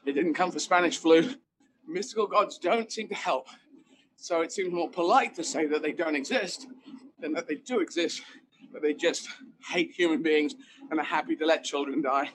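A comedian talks in a lively, emphatic rush, circling back on his phrases. His voice sits high for a man. Steady outdoor noise runs under everything. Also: normal speed. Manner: animated, emphatic, rambling asides. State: running while talking. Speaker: guest comedian. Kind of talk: conversational interview.

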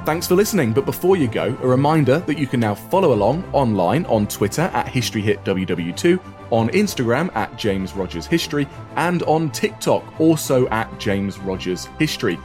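A man's voice: mid-range voice, very animated, normal speed, darkish tone. A male podcast host with a mid-range voice thanks his guest and reads out reminders, sometimes restarting his phrases. Faint music plays behind him. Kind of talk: podcast interview and outro.

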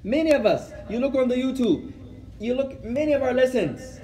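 Man, high voice, animated storyteller, religious lecture, acts out dialogue. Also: normal speed. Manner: animated, acts out dialogue, code-switches with Arabic phrases; laughs while telling stories. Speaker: Islamic teacher.

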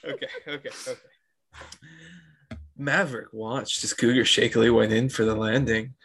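A man co-hosting a podcast, reading fanfiction aloud with a deadpan delivery and mock-dramatic emphasis. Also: medium pitch, normal speed, a little hiss or hum. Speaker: podcast co-host.

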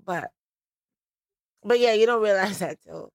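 A middle-aged woman speaks frankly and loosely, filling her talk with casual fillers. Her voice sits at an ordinary middle pitch. The sound is dry and close, with no room echo. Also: a little slow, gravelly, pauses often. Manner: chatty, frank, many "like" and "you know" fillers. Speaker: musician guest. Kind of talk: candid interview talk.

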